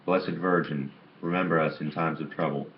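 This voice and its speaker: A man's voice: very deep voice, steady tone, moderate pace, echoey room. A man reading the lines of a pious, fiery old grandmother in a story, with a dull lo-fi sound and faint hiss. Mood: fervent prayer. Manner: praying fervently, shouting warnings.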